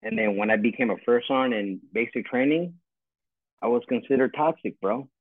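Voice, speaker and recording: Here a man's mid-range voice comes through animated and a little fast, with no echo, over a tinny phone-like line. He's a forties-aged retired army first sergeant ranting bluntly and cursing a lot in a casual call from home.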